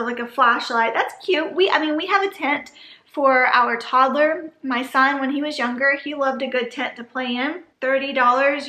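A woman's voice: high-pitched, sharp tone. A woman in her thirties chatting casually as a vlogger, upbeat, with laughs and asides. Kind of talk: casual chat. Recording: echoey room.

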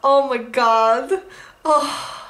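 A woman's voice: sits high, drawn-out words, a bit bright. A young woman hosting a fan reaction video, gushing and exclaiming with frequent laughter. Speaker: reaction channel host. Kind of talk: excited fan reaction commentary. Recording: echoey room with faint music.

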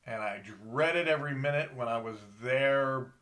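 A middle-aged man talks slowly in a bright, forward voice. He rambles in a folksy way, speaking straight to his viewers like a charter captain showing off his gear. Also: medium pitch. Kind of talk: casual show-and-tell vlog.

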